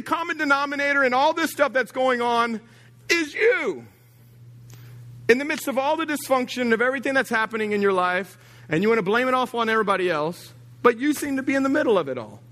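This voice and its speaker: A middle-aged pastor preaches a sermon in a big-room sound, speaking fairly quickly. Teasing and animated, he drops low and quiet, then rises high and emphatic.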